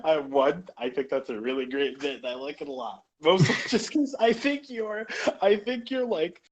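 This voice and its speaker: A young man with a fairly high voice chats casually on a podcast. He rambles and keeps stopping to search for the right word. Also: lively intonation, normal speed, rough recording. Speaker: podcast co-host. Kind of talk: casual chat.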